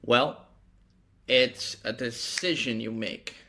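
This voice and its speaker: A man's voice: medium pitch, slow, pushed and bright. A young man hosting a podcast alone, talking casually in a rambling, profane and reflective way. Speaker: podcast host. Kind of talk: casual solo monologue.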